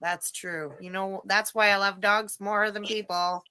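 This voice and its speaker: A woman in a casual podcast chat, blunt and opinionated, speaking slowly. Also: mid-range voice, fairly even intonation, pushed and bright, clear, resonant tone, low-quality recording.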